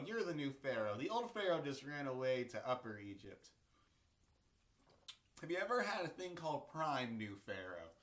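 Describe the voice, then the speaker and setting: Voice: mid-range voice, pushed and bright. A video host retelling a bible story and history in a casual, irreverent, crude, rambling way.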